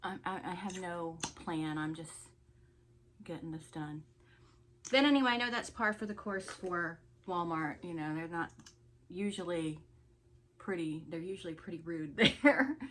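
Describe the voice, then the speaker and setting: Woman vlogger, mid-pitch, casual indignant storyteller. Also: a bit bright, slight background noise. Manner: chatty, indignant storytelling with laughs. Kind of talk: get-ready-with-me story time.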